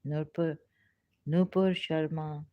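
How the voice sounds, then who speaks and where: A woman hosting a casual livestream, reading news aloud in a halting way with many fillers and restarts. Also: deep voice, fairly even intonation, no room sound. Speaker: livestream host. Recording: dry, slightly dull lo-fi recording.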